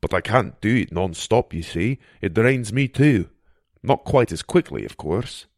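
Man reading as a gruff fairy mentor, storybook: low, quiet and wry. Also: lively intonation, measured pace, no echo, clean studio sound. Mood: patient.

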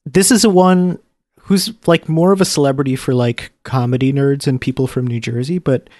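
A man co-hosting a podcast, telling short anecdotes casually in a deadpan way. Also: mid-range voice, moderate pace, no echo, studio quality. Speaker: podcast co-host. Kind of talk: casual chat.

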